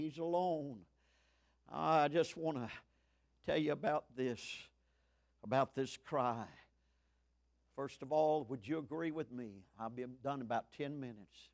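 A man in his seventies preaching a fiery sermon, swinging from shouts to hushed tones. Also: sits high, expressive, slow pace. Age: 70s.

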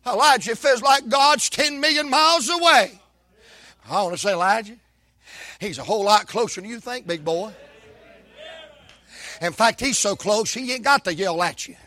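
A man preaching a sermon, folksy and dramatic, swinging from shouts to whispers. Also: extremely high pitch, no room sound.

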